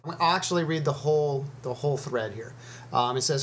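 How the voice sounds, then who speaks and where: A man's voice: medium pitch, a little fast, a little hiss or hum. A man hosting his own video, explaining snakes in a chatty, easygoing way with frequent ums and uhs. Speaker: snake educator and video host. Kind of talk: casual educational talk to camera.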